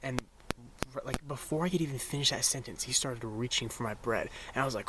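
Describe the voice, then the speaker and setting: A man's voice: mid-range voice, normal speed. Laid-back young man rambling over noise. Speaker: vanlife vlogger. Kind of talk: casual vlog storytelling. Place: around his van and campsite. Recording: steady road and outdoor noise behind.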